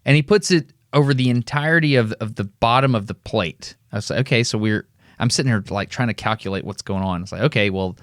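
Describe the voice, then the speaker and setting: A man's voice: on the low side, fast, dry recording, studio quality. A man from Alabama telling a funny story on a podcast, acting out the people in it and laughing often. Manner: animated storyteller who acts out voices and laughs often. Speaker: podcast co-host. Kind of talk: casual storytelling chat.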